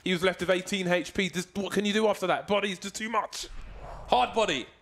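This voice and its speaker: A man's voice: sits high, brisk, a bit bright. A man giving live color commentary on an esports match, full of jokes and playful banter, getting hyped when big plays happen.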